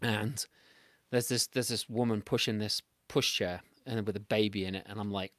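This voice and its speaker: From home on a remote video call, an English man hosts a casual podcast interview, telling stories and laughing a lot in a chatty way. His voice is fairly low and a bit bright, with fairly even intonation at a moderate pace. The sound is dry and clean, like a studio.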